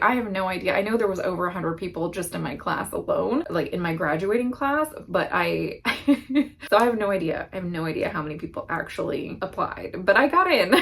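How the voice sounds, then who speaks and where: A woman's voice: medium pitch, vocal fry. A woman in her thirties telling a personal story to her viewers in a casual, chatty way, laughing often and using many fillers. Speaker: vlogger.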